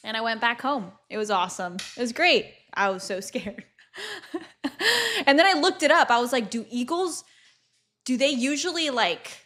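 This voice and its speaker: A young woman chats to her stream viewers in a slightly high voice. She tells stories in an animated way and swears freely. Laughter keeps breaking into her talk. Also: moderate pace. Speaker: livestreamer. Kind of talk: casual chat storytelling.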